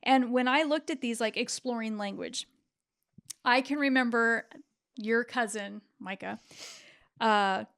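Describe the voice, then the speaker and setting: Middle-aged woman, therapist host, fairly high voice, reflective storyteller, restarts often. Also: a little slow, creaky, long pauses, a bit bright, smooth. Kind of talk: casual podcast chat.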